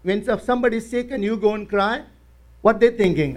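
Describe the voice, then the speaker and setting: A man's voice: high-pitched, brisk. A male pastor preaching in church, telling a story with acted quotes and emphatic rises. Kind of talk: sermon.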